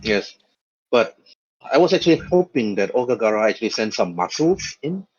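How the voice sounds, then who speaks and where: A man's voice: medium pitch, very animated, normal speed, darkish tone, slightly rough, dull audio. A man voicing a polite, worried woman who runs a generator and fusses over her words. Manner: fussy, repeats "actually".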